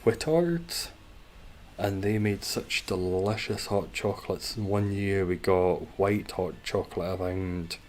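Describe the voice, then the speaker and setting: A man from Scotland with a low, slightly mellow voice livestreams a game from home, with a little hiss or hum audible. He rambles wryly and talks with viewers between his moves.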